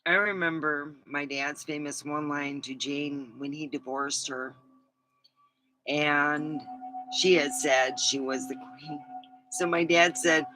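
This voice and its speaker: A woman's voice: low voice, steady tone, takes it slowly, pushed and bright, faint music behind, rough recording. A middle-aged woman vlogging in a casual, rambling chat, swearing freely and laughing at her own stories.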